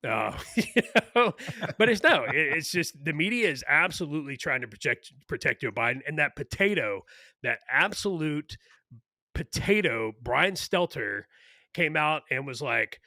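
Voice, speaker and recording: A man's voice: on the high side, lively intonation, unhurried, pushed and bright, dry recording, clean studio sound. A man co-hosting a podcast, ranting bluntly and crudely in casual political chat. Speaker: podcast co-host.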